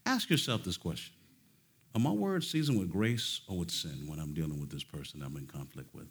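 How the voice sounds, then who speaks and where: A man preaching a sermon at a conference, swinging from loud emphatic peaks to low, quiet phrases and firing off rhetorical questions. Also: sing-song, normal speed, husky. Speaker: conference speaker. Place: conference stage.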